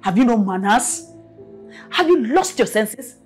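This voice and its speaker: A domineering Nigerian matriarch with a high, husky voice that leaps up and down as she scolds. She speaks slowly and repeats herself in bursts, contemptuous of the girl in front of her. Faint music plays behind. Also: sing-song, a little mellow, exaggerated voice. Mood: angry. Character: domineering wealthy mother, scornful and stern. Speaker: mother of the house. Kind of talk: film drama acting.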